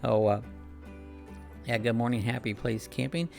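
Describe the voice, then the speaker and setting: A man hosts a casual live stream from his house, talking with a gravelly edge at an ordinary pitch. He rambles easily from topic to topic and reads out viewers' comments and greetings as they come in. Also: fairly even intonation, normal speed, darkish tone, faint music behind. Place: home.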